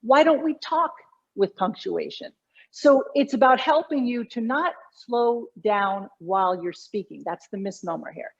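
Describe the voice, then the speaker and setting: A woman's voice: on the high side, measured pace, creaky. Explanatory woman coach, lo-fi sound. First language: English. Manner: explanatory, emphatic, lively teaching tone. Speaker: communication coach, guest. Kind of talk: conversational interview.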